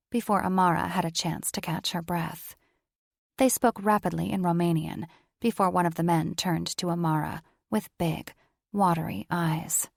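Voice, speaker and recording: Low gravelly woman narrating a romance audiobook. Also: dry recording, clean studio sound. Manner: measured, steady storytelling. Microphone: studio microphone.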